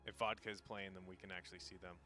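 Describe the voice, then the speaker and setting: Bright, playful Canadian man co-casting. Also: low-pitched, flat delivery, racing, soft background music. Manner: jokey, playful teasing. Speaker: stream co-caster. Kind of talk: casual commentary banter.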